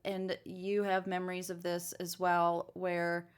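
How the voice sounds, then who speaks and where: A woman's voice: on the low side, monotone, a little slow, clean tone. A woman co-hosting a casual podcast, chatting earnestly and reflectively with frequent restarts. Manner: chatty, earnest, drifts into reflective church talk. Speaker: podcast co-host. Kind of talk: casual chat.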